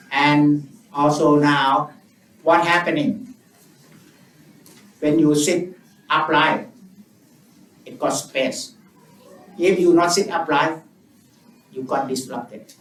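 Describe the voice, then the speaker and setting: Monk w indonesian accent guiding meditation real slow, lots of pauses, sounds far off in a roomy hall. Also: male voice, fairly high pitch, slight background noise. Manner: slow, repetitive guidance with long pauses and simple broken English. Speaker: Buddhist monk teaching meditation. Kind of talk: guided meditation teaching. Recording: roomy, distant mic with faint ambience.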